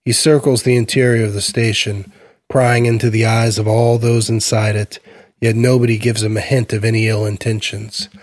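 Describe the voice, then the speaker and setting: Reading scripted fiction, a male narrator delivers a short story in a calm, even manner. His pitch sits on the low side, and the recording is close and dry with nothing of the room around it.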